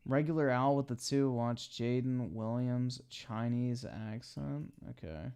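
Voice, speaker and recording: A man's voice: mid-range voice, unhurried, dark tone, clear, resonant tone. A young man giving blunt, profane live-stream commentary while he watches videos.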